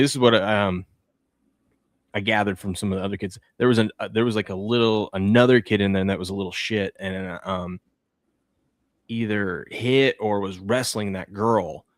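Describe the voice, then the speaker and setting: A man in his thirties hosting a casual talk show, telling animated stories about his kids. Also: on the low side, fairly quick, no echo, clean studio sound. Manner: animated storyteller, acts out a toddler's shrieks. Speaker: podcast host. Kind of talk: casual chat.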